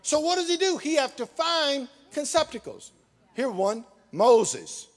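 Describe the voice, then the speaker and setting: A man preaching a sermon as pastor, emphatic and often shouting. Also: extremely high pitch, sing-song, unhurried. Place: church sanctuary. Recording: reverberant church hall.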